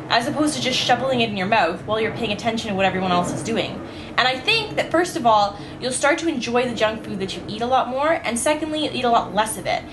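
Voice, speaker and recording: A young woman with a fairly high voice chats into the camera at home, still in her morning voice just after waking up. She rambles easily, filling her talk with "like" and "you know.". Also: noisy background. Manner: chatty, rambling, says "like" and "you know" often. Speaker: vlogger. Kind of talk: casual vlog monologue. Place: at home, indoors.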